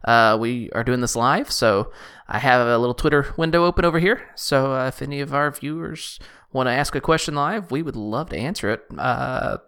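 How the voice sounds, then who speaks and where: A man's voice: mid-range voice, normal speed, a bit bright, clean tone. A man co-hosting a live-streamed podcast, chatting casually and rambling with a self-deprecating laugh. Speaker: podcast co-host.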